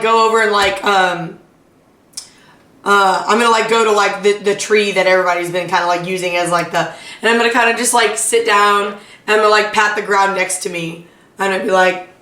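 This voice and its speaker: A woman's voice: mid-range voice, fairly even intonation, fairly quick, pushed and bright. Rambling woman player at a tabletop game. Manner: rambling, hesitant, full of fillers. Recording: roomy, distant mic.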